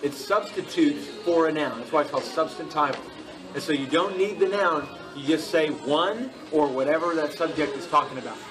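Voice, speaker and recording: A man's voice: on the high side, normal speed, distant mic, music in the background, low-quality recording. A man teaching Greek grammar to a class, patient and repeating key points as he checks in with students.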